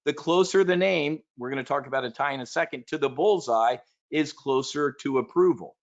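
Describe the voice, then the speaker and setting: A man's voice: a little high, fairly quick, highs cut off. A man giving an investing webinar talk, emphatic and salesy, speaking straight to his audience. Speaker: investment presenter.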